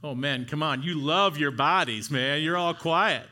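A man's voice: a little high, a little slow, bright, forceful tone. A middle-aged man preaching an earnest sermon to husbands, urging them on with rising exhortations. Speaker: pastor.

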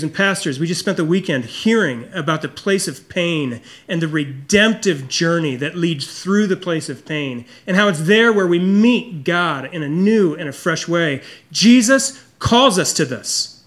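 A man preaching a sermon as pastor, earnest and confessional, often dropping low and soft to stress a point. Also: lively intonation, normal speed, hardly any pauses.

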